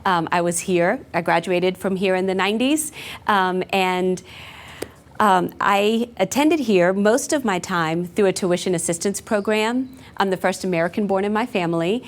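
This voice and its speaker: A woman in her forties, a school principal, answering interview questions in an earnest, reflective way with frequent fillers. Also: fairly low pitch. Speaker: new high school principal.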